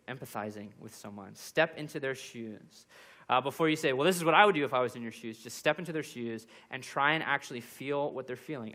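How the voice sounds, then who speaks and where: Bright-voiced young male pastor preaching. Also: medium pitch. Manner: numbered points with acted example quotes. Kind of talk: sermon. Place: church.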